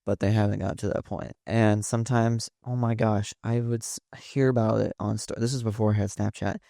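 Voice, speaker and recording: Gravelly young man telling stories. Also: fairly low pitch, steady tone, a little fast, dark tone, dry recording, studio quality. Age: young adult. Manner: rambling with many fillers and restarts. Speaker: podcast guest, son of host. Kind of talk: casual storytelling chat.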